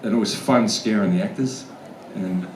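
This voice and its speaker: A man's voice: lowish voice, normal speed. A man with an Australian accent telling stories in a casual, blunt way, swearing freely as a guest actor at a convention Q&A. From Australian outback. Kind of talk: casual storytelling Q&A answers. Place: large convention hall. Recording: echoey hall, from far off, faint room noise.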